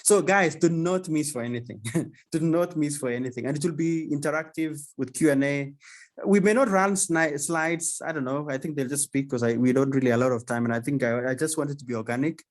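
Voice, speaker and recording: A man hosting an online community session over a video call, talking casually with many restarts and repeated words, laughing often and getting animated when excited. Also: on the high side, fairly quick.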